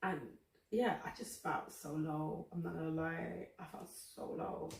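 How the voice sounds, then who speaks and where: A woman's voice: sits low, steady tone, measured pace, gravelly, a little mellow. A woman hosting a faith podcast, talking candidly and emotionally about her personal struggles. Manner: earnest, emotional, confessional. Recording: roomy echo, distant from the mic.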